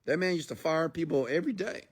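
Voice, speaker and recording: A man's voice: a little high, expressive, fast talker, breathy edge. A man giving a motivational rant who talks emphatically, repeats his points and asks rhetorical questions. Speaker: motivational speaker.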